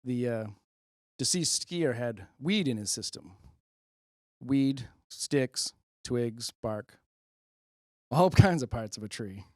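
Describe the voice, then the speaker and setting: A man's voice: mid-range voice, animated, takes it slowly, long pauses, a little mellow, dry recording, studio quality. A man doing a rambling, self-amused stand-up monologue into a handheld mic on a public-access show. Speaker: comedian host.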